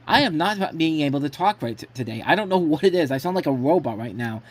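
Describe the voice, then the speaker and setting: A man's voice: a little high, expressive, quick pace. Rambling man giving football picks. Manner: rambling, frequent restarts and self-corrections. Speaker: sports blog host. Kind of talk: casual solo football predictions.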